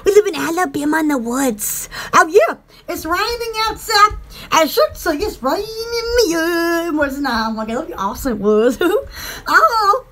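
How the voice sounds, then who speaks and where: A woman with a Southern US accent hosting a casual live stream for her online shop, giggly and excitable, rambling with lots of fillers. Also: very high voice, normal speed, a little hiss or hum. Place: home in the woods.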